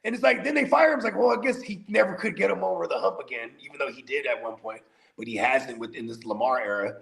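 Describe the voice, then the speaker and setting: A man co-hosting a casual sports podcast, telling stories in an animated, profane way that swings between loud bursts and quiet asides. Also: medium pitch, fast talker, vocal fry. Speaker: podcast co-host.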